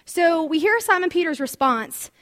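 A woman teaching from the Bible in an animated, conversational sermon full of asides. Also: very high voice, normal speed. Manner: animated, chatty storytelling with asides.

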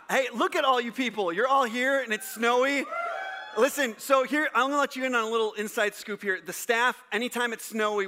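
Jokey male pastor from Wisconsin, high bright voice, animated storyteller who teases his congregation. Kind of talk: casual sermon with storytelling. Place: church service before a live congregation.

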